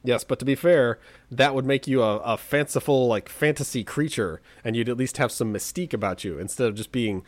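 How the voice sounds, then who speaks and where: A man's voice: mid-range voice, fairly quick, dry recording. A man hosting a webcomics podcast, joking and laughing often in casual banter with his co-host. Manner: jokey, laughs often, lively teasing.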